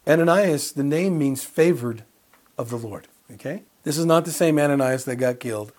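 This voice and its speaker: A man's voice: a little high, moderate pace, a little mellow. A man preaching a conversational sermon and Bible study, chuckling and putting questions to his listeners.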